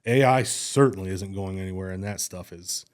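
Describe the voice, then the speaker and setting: A man's voice: low-pitched, moderate pace. A middle-aged man speaking as a guest in a casual conversation, earnest and rambling, often restarting his sentences.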